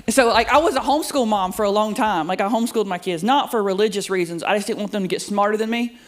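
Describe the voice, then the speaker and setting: A woman's voice: medium pitch, fast, background noise. A middle-aged woman doing a stand-up comedy set, sassy and self-deprecating, chatting with the crowd. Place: comedy club studio with live audience.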